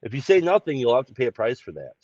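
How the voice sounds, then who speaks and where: A man's voice: mid-range voice, wildly swooping pitch, fast, a little mellow, no room sound. Male, casual confessional storyteller, salty and frank, muffled dry call audio. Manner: blunt, profane, self-deprecating. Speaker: group call participant.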